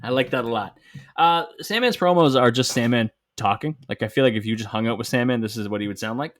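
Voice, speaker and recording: A man hosting a podcast in casual chat, relaxed, leading the rundown with dry jokes. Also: medium pitch, fast talker, no room sound. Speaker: podcast host.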